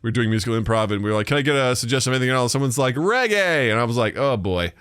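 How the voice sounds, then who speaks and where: A man co-hosting a podcast in casual, joking chat, sometimes trailing off into quiet mumbles. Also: mid-range voice, very fast, smooth. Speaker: podcast co-host.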